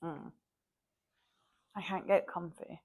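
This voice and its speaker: A woman's voice: fairly low pitch, slow pace. Chatty young Scottish woman vlogger. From Scotland. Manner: animated storytelling, acts out quoted dialogue, frequent "like". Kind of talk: casual chatty vlog.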